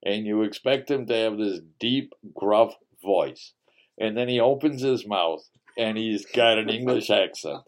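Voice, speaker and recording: A man's voice: fairly low pitch, a little slow. A man hosting a casual radio show and interview, talking in a joking, rambling, teasing way. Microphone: studio mic with webcam.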